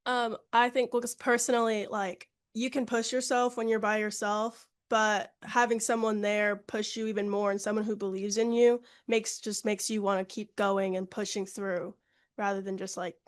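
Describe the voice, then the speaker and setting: A woman's voice: mid-range voice, level tone, moderate pace. A young adult woman on a panel giving earnest, hesitant answers. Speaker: panel guest. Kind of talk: casual answers to questions.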